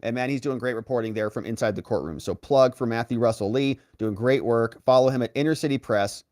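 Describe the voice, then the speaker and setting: A man hosting a legal commentary show, recapping courtroom testimony in a lively way and acting out the people he quotes. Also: mid-range voice, a little fast, no room sound, studio quality.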